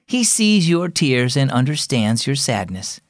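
A man voicing a mother who gently comforts her son, speaking in a soft, soothing way. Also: mid-range voice, very animated, measured pace, no echo, clean studio sound. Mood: gentle.

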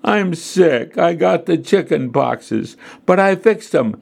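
A man's voice: on the high side, lively intonation, takes it slowly, vocal fry, a little mellow, pitched above the performer's own voice, exaggerated voice. A man voicing a sick four-year-old boy who speaks mournfully and childishly in a storybook.

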